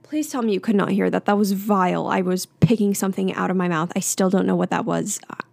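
Speaking fast with vocal fry, this young adult podcast host talks through a candid solo episode, sprinkling in fillers and little laughs. Her mid-pitched voice is slightly mellow and free of echo.

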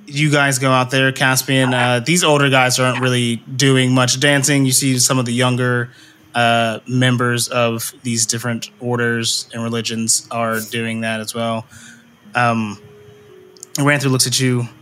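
A man's voice: mid-range voice, flat delivery, unhurried, a bit bright. A man narrating a tabletop game as game master in a casual, filler-heavy way.

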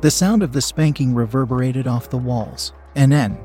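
A man narrating a first-person story in a steady, frank way. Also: mid-range voice, moderate pace, faint music behind.

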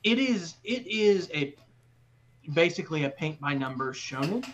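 A man's voice: fairly high pitch, big pitch swings, a little slow, fairly bright tone, slight background noise. A man co-hosting a casual podcast, enthusiastic and rambling, swearing freely. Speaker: podcast co-host.

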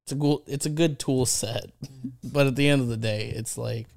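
A man co-hosting a casual podcast, with a gravelly, creaky voice. He talks in a blunt, laid-back way at a middle pitch. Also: fairly even intonation, moderate pace, darkish tone. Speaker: podcast co-host.

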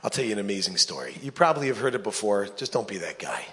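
Animated male rabbi preaching in a hall. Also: lowish voice, quick pace. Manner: animated storyteller, joking asides. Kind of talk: sermon with storytelling. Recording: long hall reverb.

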